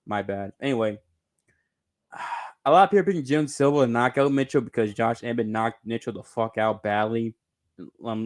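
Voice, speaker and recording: Rambling man giving casual fight commentary. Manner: rambling, self-correcting, bursts into high giggling laughter; swears casually. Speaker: sports channel host.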